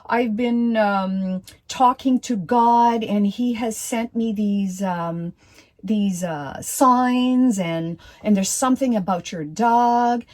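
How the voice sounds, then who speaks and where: A woman voicing a nervous, overly polite strange man in a retold story, halting and apologetic. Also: mid-range voice, a little mellow, natural voice.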